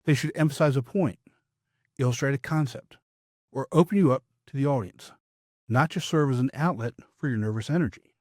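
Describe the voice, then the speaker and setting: Man, public speaking coach, husky tone, measured emphatic instruction. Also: medium pitch, a little mellow, no room sound, studio quality. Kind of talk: scripted podcast instruction.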